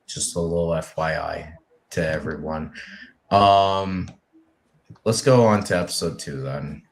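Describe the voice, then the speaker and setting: A man co-hosting a casual review chat who addresses the viewers in an unhurried way. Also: low voice. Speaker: co-host.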